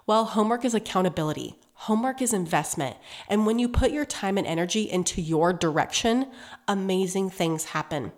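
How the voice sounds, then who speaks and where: A woman's voice: mid-range voice, lively intonation, fairly quick. A woman hosting a motivational podcast, talking straight to her listeners in an encouraging coaching tone, her voice nasal and congested from a cold. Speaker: podcast host.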